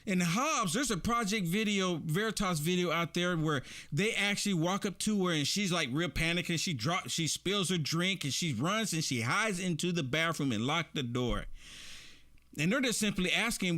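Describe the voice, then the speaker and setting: A man hosting casual political commentary, animated, repeating himself and laughing often. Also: high voice, normal speed.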